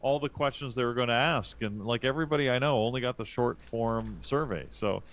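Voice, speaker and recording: A man's voice: medium pitch, fairly quick. A man co-hosting a live trading show, chatting casually and rambling, with many restarts and repeated words. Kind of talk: casual chat.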